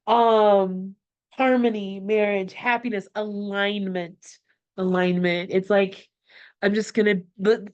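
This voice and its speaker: A woman's voice: mid-range voice, highs cut off. Middle-aged lady chatting thru a tarot reading, lots of ums and restarts, gets all emotional. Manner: rambling, emotional, with many fillers and restarts. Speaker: tarot channeler. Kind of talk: casual spoken reflection.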